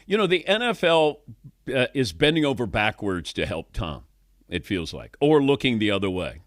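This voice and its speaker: A man's voice: medium pitch, big pitch swings, moderate pace, no room sound, clean studio sound. A middle-aged man hosting a sports talk radio show, wry and questioning, chuckling often. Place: radio studio.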